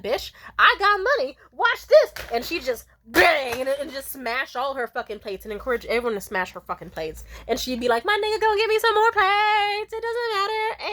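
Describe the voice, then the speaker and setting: A woman telling a casual, profane story as the host, animated and laughing often. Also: mid-range voice.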